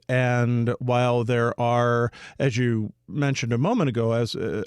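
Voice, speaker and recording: A man's voice: mid-range voice, darkish tone, clean tone, no room sound, studio quality. A man hosting a radio book show, asking long, winding questions with restarts. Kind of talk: radio interview. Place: radio studio.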